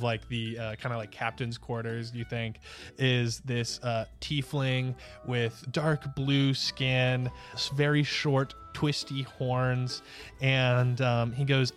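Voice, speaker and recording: Brief: unhurried male game master, hesitant delivery full of ums, faint music under him. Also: medium pitch, level tone. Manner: hesitant, many fillers. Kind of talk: narrating a tabletop game.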